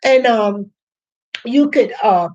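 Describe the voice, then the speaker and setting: A woman's voice: on the high side, lively intonation, a little mellow, dull audio. An older woman hosting a live stream, talking to her viewers in an emotional, near-tearful way and calling them honey. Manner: slow, emotional, near tears. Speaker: channel host.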